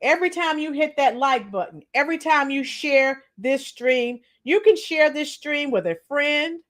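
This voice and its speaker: A middle-aged woman hosting a casual livestream, greeting viewers by name, her voice a little strained and clearing her throat often. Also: high voice, expressive, moderate pace, a bit bright. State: slightly strained voice after a week of teaching. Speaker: livestream host. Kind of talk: casual live chat with viewers.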